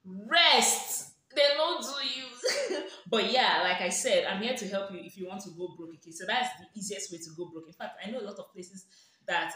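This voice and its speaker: Teasing and frequently laughing, a Nigerian-accented woman offers sarcastic, playful lifestyle tips in her vlog. She has a lowish voice with a sharp tone, and the room sounds very echoey.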